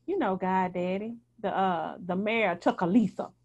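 A woman's voice: mid-range voice, normal speed. A woman in casual chat who tells stories expressively. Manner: expressive, lively storytelling.

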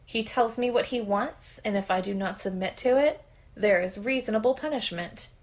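Female podcast host, mid pitch, reads listener stories aloud in a frank, chatty way. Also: moderate pace. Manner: candid, conversational reading with bursts of laughter. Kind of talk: reading a submitted story aloud.

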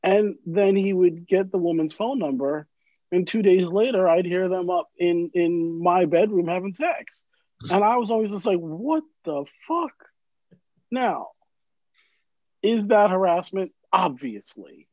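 Higher-voiced man, dull dry sound. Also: unhurried, a little mellow, dry recording. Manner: rambling, searching for words, swears. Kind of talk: casual chat.

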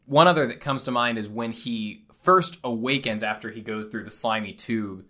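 A man's voice: mid-range voice, normal speed, bright, forceful tone. A man co-hosting a casual talk show about a film and faith. He speaks steadily and recites scripture. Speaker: podcast co-host.

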